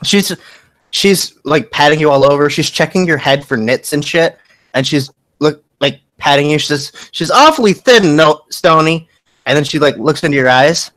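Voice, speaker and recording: A man narrating as game master of a tabletop game, casual and halting, with frequent restarts and laughs. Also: a little high, steady tone, a bit bright, no echo.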